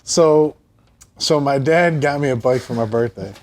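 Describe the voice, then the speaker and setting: A man in casual interview chat, telling stories in a profane, animated way. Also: mid-range voice, unhurried. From Buffalo, New York. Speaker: guest. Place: his store.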